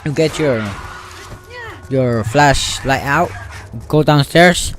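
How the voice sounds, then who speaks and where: A man casually telling a made-up story over gameplay, rambling and excitable, acting out sound effects. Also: medium pitch, takes it slowly, a little hiss or hum. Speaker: gaming YouTuber.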